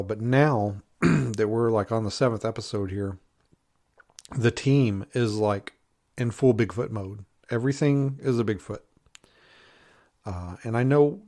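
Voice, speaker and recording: A man's voice: fairly low pitch, darkish tone. A man in casual, rambling commentary with lots of fillers, sounding a little congested. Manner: rambling, many fillers, laughs at own jokes. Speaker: Bigfoot researcher reviewing a TV show.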